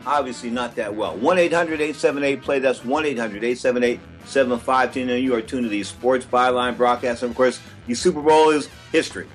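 A man's voice: medium pitch, fairly quick, hardly any pauses, faint music behind. A man hosting a sports radio show in casual chat, brash and opinionated, rambling through his points. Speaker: radio sports talk host.

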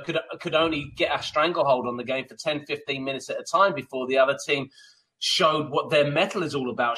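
A man's voice: mid-range voice, sharp tone, low-quality recording. A man co-hosting a radio soccer talk show, rambling and emphatic, with lots of fillers and restarts. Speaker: co-host and soccer pundit. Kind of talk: casual radio sports talk.

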